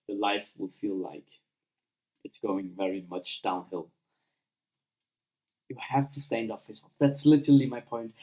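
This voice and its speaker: Blunt, swearing young man with a mellow voice. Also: mid-range voice, rough recording. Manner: blunt, profane, filler-heavy, acts out scenes. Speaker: vlogger giving advice. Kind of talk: casual unscripted advice monologue.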